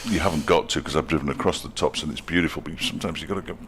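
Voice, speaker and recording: A man's voice: a bass voice, rapid-fire, fairly bright tone. A middle-aged man giving ball-by-ball cricket commentary, with dry, wry asides between deliveries.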